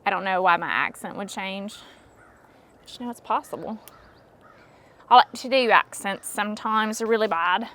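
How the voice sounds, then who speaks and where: A woman's voice: medium pitch, moderate pace, pauses often, a bit bright. Chatty woman crafting at home. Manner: chatty, self-deprecating, jokey. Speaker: craft vlogger. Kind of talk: casual how-to narration. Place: home indoors.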